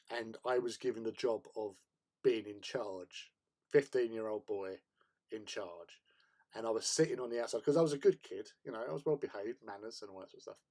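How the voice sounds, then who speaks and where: A man's voice: on the low side, a little mellow. Rambling man telling stories. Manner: rambling storyteller, chuckles often. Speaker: hobby streamer. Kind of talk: casual hobby stream chat.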